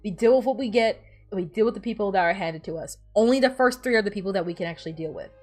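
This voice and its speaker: A woman's voice: mid-range voice, rapid-fire, soft background music. A woman streamer chatting casually while playing, rambling and bossing her game characters around. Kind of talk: casual gameplay chat.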